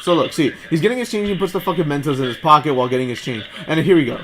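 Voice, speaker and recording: A young man co-hosting a casual podcast, telling stories in a profane, animated way with frequent laughs. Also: on the high side, rapid-fire, slight background noise. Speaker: podcast co-host. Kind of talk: casual chat. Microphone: shared podcast mic.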